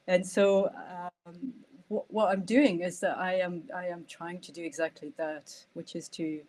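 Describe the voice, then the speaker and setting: Woman, middle-aged, French accent with Irish lilt, lower pitch, hesitant, searching for words. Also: darkish tone. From France. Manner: hesitant, searching for words, frequent fillers and laughter. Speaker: guest, nonviolent communication trainer. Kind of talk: conversational podcast interview.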